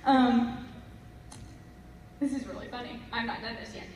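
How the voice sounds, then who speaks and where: A woman's voice: on the high side, flat delivery, a little slow, a little mellow, a little hiss or hum. A woman giving a storytelling sermon to a congregation, chatty and full of jokey asides. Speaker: guest speaker. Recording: echoey hall, mic from a distance.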